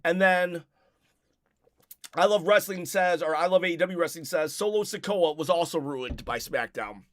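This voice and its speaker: A man's voice: on the high side, moderate pace. A man hosting a casual live stream, rambling and reading viewer comments aloud, a bit out of breath.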